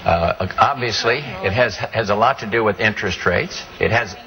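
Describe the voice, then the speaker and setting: A man's voice: on the low side, moderate pace, sharp tone, big-room sound, poor audio. An older man on a panel answering a question hesitantly, with fumbling restarts.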